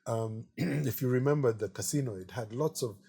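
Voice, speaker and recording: A middle-aged Kenyan artist chats through relaxed anecdotes in an interview, often saying "you know." His medium-pitched voice is husky with vocal fry and moves at a normal speed.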